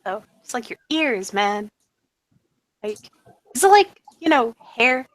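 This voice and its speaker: Chatty, rambling young woman, curious and casual, with a fairly high voice as a woman plays her. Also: very animated, slow, no room sound, low-quality recording. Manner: rambling, casual, full of fillers.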